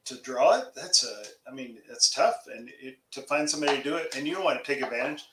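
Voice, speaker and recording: Middle-aged male guest, candid and relaxed, echoey room sound. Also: mid-range voice, fast talker, noisy background. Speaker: comics writer guest. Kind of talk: casual interview chat.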